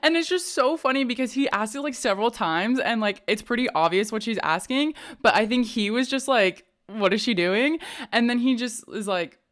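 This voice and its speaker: A woman's voice: fairly high pitch, lively intonation, normal speed, a bit bright. A woman co-hosting a podcast, telling a fan story in casual chat, rambling with lots of "like". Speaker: podcast co-host.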